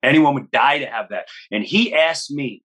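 A comedian in his fifties tells stories as an interview guest. His voice is husky, with a forceful, tense edge. He is animated and slips into other people's voices as he acts out their lines. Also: mid-range voice, normal speed. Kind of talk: storytelling in an interview.

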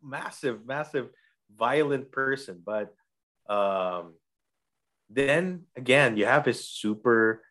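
A man's voice: mid-range voice, animated, slow, a bit bright. A man co-hosting a podcast in casual chat, enthusiastic and prone to acting out quotes. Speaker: podcast co-host.

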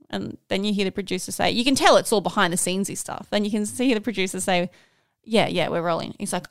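A young woman co-hosting a podcast, telling stories in a lively way, acting out what people said and swearing now and then. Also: mid-range voice, quick pace, no room sound, clean studio sound. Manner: animated storyteller, acts out quotes, swears. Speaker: podcast co-host. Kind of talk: casual chat.

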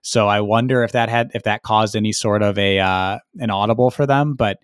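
Low-voiced man in dry podcast chat. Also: a little fast, clear, resonant tone, no echo. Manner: relaxed, emphatic with strong adjectives. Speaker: podcast co-host.

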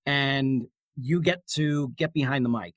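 A man's voice: medium pitch, measured pace, dry recording. Dry, close-miked man asking questions. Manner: enthusiastic, filler-heavy questions. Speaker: podcast host. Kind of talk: casual interview.

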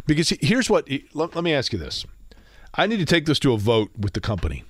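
A man's voice: a little high, wildly swooping pitch, fast, dry recording, clean studio sound. A man hosting a sports radio show, joking and rambling in casual banter, asking lots of questions.

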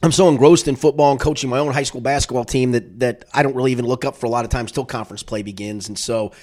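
Fast-talking middle-aged male podcast host. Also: mid-range voice. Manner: animated, quick, joking. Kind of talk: casual sports chat.

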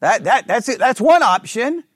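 High-voiced man teaching a Bible class. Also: animated, no echo, clean studio sound. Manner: reads scripture slowly, questions the class often.

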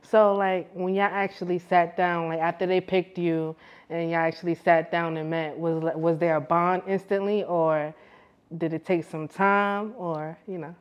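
Woman podcast host, lowish voice, quick affirming questions, dull lo-fi sound. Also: level tone, clear, resonant tone. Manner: brief encouraging interjections and questions. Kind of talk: casual interview.

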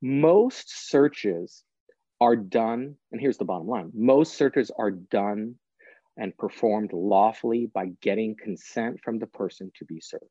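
Man, podcast guest, earnest and explanatory, mellow voice, dry slightly dull audio. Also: on the low side, slow pace, no room sound. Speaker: guest, author and prosecutor. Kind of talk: podcast interview.

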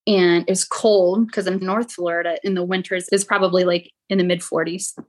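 A young adult woman, a podcast guest, telling her own painful story in a halting way, with many "like" fillers. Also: fairly low pitch, little pitch movement, darkish tone. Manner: halting, frequent "like" fillers, quotes others in raised voice. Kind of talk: emotional personal storytelling.

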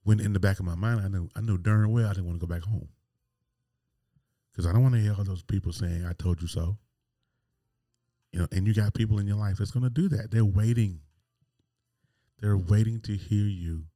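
A deep-voiced man tells a personal story on his podcast. He rambles candidly and restarts his sentences often. His tone is dark and mellow, and the recording is dry and close. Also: fairly quick, dry recording. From North Carolina. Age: 40s. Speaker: podcast host.

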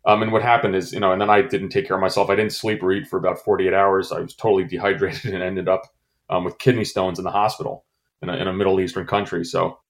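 Low-pitched man, halting, lots of fillers and restarts, interview guest. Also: little pitch movement. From United States. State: choked up. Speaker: guest, former intelligence officer. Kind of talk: recounting a personal story in an interview.

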